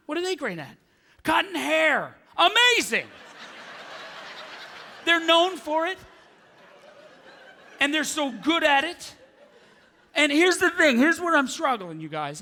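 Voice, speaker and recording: Casting: a male stand-up comic with a very high, bright voice that swings wide as he rants and shouts. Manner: animated, ranting, often shouting. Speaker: stand-up comedian. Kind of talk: stand-up comedy. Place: theatre stage.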